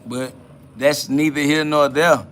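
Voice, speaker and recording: A man's voice: on the high side, steady tone, unhurried, a bit bright, slight background noise. A man hosting a livestream, answering chat comments in a combative, dismissive way and swearing a lot. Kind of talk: profane spiritual livestream rant.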